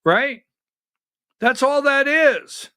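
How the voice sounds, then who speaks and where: A man's voice: very high-pitched, animated, very slow, bright, forceful tone, no echo, clean studio sound. A man hosting a live political talk show, speaking conversationally and firing off rhetorical questions at his listeners.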